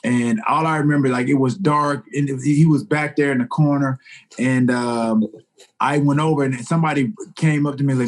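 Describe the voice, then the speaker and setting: A man co-hosting a podcast, telling stories in a relaxed, rambling way with lots of fillers. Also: mid-range voice, moderate pace. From United States. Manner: relaxed storytelling with many fillers. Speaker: podcast co-host. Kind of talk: casual chat.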